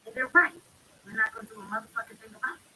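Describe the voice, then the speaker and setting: A woman's voice: fairly high pitch, fairly even intonation, very fast, pushed and bright, slight background noise, poor audio. A woman hosting a live stream, talking bluntly and emphatically in a heated monologue. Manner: blunt, emphatic, speaks with heavy profanity.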